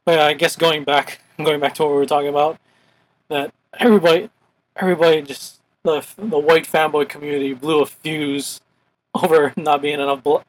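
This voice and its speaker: A young man from Hawaii hosts a casual podcast chat, his voice on the high side, level in tone, and a little fast. He rambles and leans heavily on "like" as a filler, and the recording quality is low.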